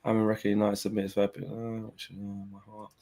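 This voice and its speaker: A man's voice: on the low side, completely flat delivery, quick pace, crowd noise. A man co-hosting a casual fan podcast, bantering and reading messages aloud.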